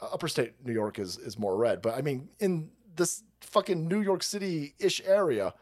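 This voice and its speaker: A man's voice: fairly high pitch, lively intonation, moderate pace, a little mellow. A man from California ranting on a livestream, swearing often, laughing and mocking as he talks. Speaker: livestream commentator. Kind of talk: profane political rant on a livestream.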